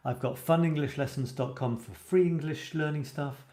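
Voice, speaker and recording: A man hosts a live writing show, chatting casually and enthusiastically with his stream and reading comments aloud. His voice is fairly high-pitched with a darkish tone and a moderate pace, and the recording has a roomy, echoey sound.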